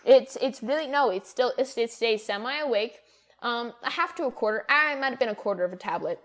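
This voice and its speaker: A woman's voice: on the high side, animated, fairly quick. A young woman co-hosting a podcast, chatting casually and rambling with many fillers and restarts. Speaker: podcast co-host. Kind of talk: casual chat.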